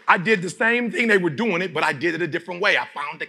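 A middle-aged man from Detroit giving a preachy motivational speech to a live audience, often shouting and leading call-and-response. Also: high voice, fast talker, few pauses, slightly rough. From Detroit, United States. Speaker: motivational speaker.

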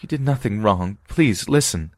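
A man's voice: on the low side, lively intonation, normal speed, no room sound, pitched above the performer's own voice, lightly acted. A man voicing a tearful, guilt-ridden young woman who pleads and apologizes while crying in a horror story reading. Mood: distraught.

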